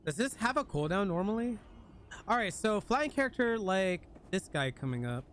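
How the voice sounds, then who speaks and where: A high-pitched man talks at a normal speed as he plays a game on a live stream, joking around and chatting casually with his audience in an animated way. There's a slight hiss or hum in the background.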